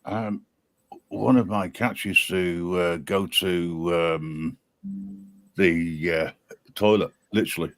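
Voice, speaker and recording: A man co-hosting a live stream, with dry, deadpan humor and frequent "uh" and "um" pauses. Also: low voice, dry recording, faint music behind. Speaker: livestream co-host. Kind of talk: casual live-stream chat.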